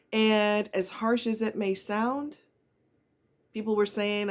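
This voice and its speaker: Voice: medium pitch, steady tone, slow. Middle-aged vlogger, earnest and blunt, talks straight to the viewer with pointed questions. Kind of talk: candid personal monologue.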